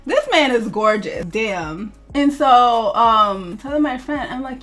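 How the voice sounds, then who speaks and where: A woman's voice: on the high side, fast talker, hardly any pauses. Chatty young woman telling a story. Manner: chatty, animated, many "like" fillers, acts out quotes. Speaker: model. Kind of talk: storytime vlog.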